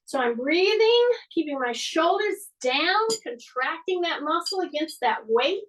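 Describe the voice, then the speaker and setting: A woman's voice: very high voice, lively intonation, measured pace, hardly any pauses, fairly bright tone, distant mic, low-quality recording. A woman fitness instructor leading a guided workout class, giving repeated breathing and posture cues while she demonstrates the moves. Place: exercise class room.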